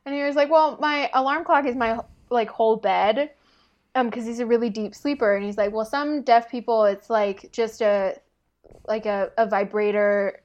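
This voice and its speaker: A young woman with a fairly high voice rambles through a funny story. She laughs often, trails off and restarts her sentences, and fills the gaps with fillers. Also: steady tone, normal speed, a little mellow, dull audio. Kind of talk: casual chat.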